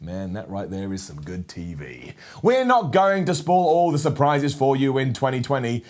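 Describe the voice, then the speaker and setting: A man anchoring a satirical news broadcast with a smug, mock-serious delivery. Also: medium pitch.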